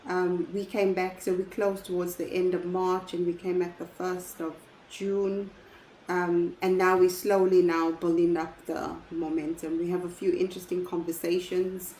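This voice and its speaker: A woman's voice: fairly low pitch, level tone, moderate pace, warm tone. Woman, business owner, guest on a call; reflective, restarts her sentences; echoey room with light noise. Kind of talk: casual conversational interview answers.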